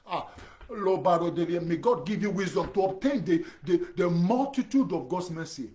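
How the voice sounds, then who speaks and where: Man, pastor, sermon, high voice, emphatic, repeats phrases, addresses listener directly. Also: big pitch swings, normal speed, a little mellow.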